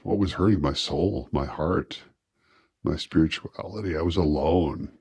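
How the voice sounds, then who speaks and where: Man, very low voice, dry close sound; candid interview guest, thoughtful and halting. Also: a little mellow, breathy edge, no room sound. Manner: reflective, halting, with restarts.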